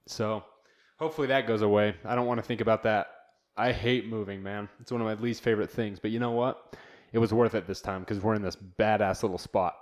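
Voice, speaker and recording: A man talks through a solo podcast in a loose, laid-back way. He rambles with fillers and slang. His voice sits a little on the low side. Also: fairly even intonation, a little fast. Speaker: podcast host. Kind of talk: casual solo podcast chat. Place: new home studio.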